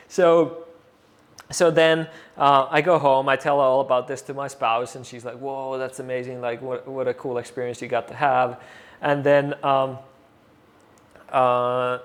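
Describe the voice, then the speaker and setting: Animated man telling a story. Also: a little high. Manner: animated, acts out quoted voices, many fillers. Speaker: interview guest. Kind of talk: casual storytelling.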